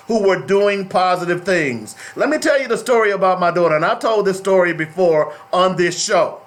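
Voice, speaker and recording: A man's voice: high-pitched, fairly bright tone. Emphatic middle-aged male radio host. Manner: emphatic, preachy, repeats phrases for stress. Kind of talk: talk radio monologue.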